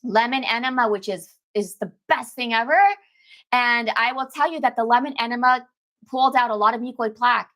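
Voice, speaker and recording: A woman's voice: on the high side, steady tone, brisk, pushed and bright. A woman detox coach, talking casually to her viewers in an emphatic way, repeating phrases and calling them "baby" and "girl". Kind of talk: casual live-stream talk to viewers.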